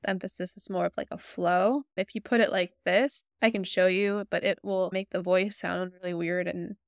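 A woman calmly walking viewers step by step through a software tutorial. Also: lowish voice, normal speed, gravelly, no room sound, studio quality. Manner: friendly, explanatory, step-by-step. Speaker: tutorial host. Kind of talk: screen-recorded software tutorial.

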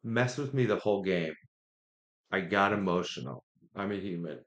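Low-voiced man muttering game commentary. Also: normal speed. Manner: excitable, trash-talking, muttering to himself. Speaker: gaming streamer. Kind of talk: live gameplay commentary.

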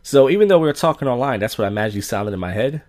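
A man's voice: medium pitch, lively intonation, rapid-fire, darkish tone. A man hosting a podcast, telling stories in a blunt, profane casual rant and acting out dialogue. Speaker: podcast host.

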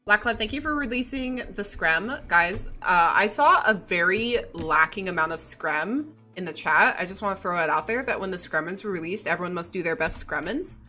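Giggly woman streamer, bright voice with a lot of swing, faint music behind. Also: medium pitch, animated, a little fast. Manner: playful, giggly, reads chat aloud. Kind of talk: casual livestream chat.

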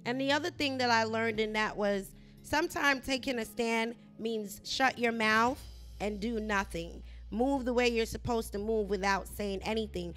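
A middle-aged woman hosts a Christian talk show, recounting a personal faith story with lively, animated storytelling. Her voice is bright and a touch high. Faint music plays underneath. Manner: animated storytelling, rising loud when reenacting herself.

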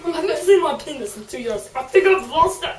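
A woman's voice: high-pitched, lively intonation, a little fast, slight background noise. A woman voicing a bumbling male interviewee with a prosthetic arm, silly and prone to yelping, recorded in an echoey room far from the mic. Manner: silly, shouting, goofy yelps.

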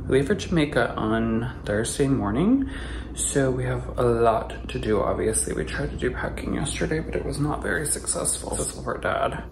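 A man's voice: medium pitch, expressive, normal speed. A man hosting a family vlog, chatting upbeat to the camera. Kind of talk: casual vlog narration. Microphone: handheld phone camera. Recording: noisy phone video audio.

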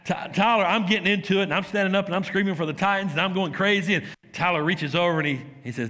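A man preaching a sermon as pastor, telling stories with laughs and sudden shouts. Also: sits high, fast talker, few pauses, slight background noise. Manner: animated storytelling, laughs and shouts while acting out scenes. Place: church sanctuary. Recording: long hall reverb.

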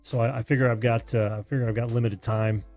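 A man's voice: mid-range voice, steady tone, fast, a little mellow, soft background music. A man in his forties hosting a call-in show, easygoing and folksy, his voice a little strained from back pain. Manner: easygoing, folksy, often laughing. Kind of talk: casual chat.

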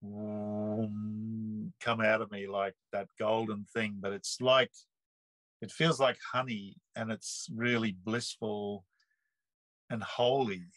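A man, telling a personal story in a relaxed, rambling way full of earthy slang and restarts. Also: lowish voice, a little slow, no echo, low-quality recording. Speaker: interview guest. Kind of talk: casual storytelling.

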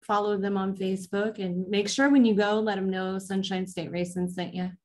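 A woman's voice: mid-range voice, steady tone, moderate pace, a little mellow. A woman hosting a racing recap show in a casual live stream, chatting and greeting viewers by name.

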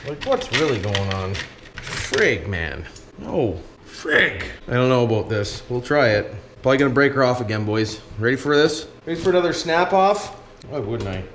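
A man's voice: mid-range voice, big pitch swings, moderate pace, fairly bright tone, reverberant, a little hiss or hum. A man from Canada with a Canadian accent, chatting to his viewers as he works in his workshop, cursing and calling them 'boys'. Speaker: vlogger. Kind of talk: casual workshop vlog, talking to viewers.

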